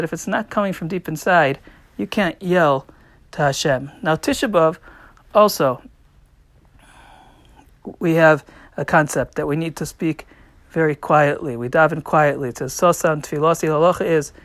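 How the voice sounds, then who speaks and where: A man's voice: on the high side, fairly bright tone, dry recording. A man teaching a religious lesson with a story, acting out the quotes with rising and falling volume. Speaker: rabbi teaching. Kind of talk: Torah talk with a story.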